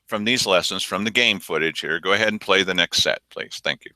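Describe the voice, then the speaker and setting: A man's voice: low voice, brisk, pushed and bright. A man hosting a casual political commentary show, wry and teasing. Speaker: news commentary host.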